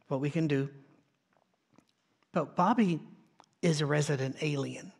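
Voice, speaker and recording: Male pastor, slightly high voice, conversational sermon with frequent restarts, on a church sound stage. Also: breathy edge.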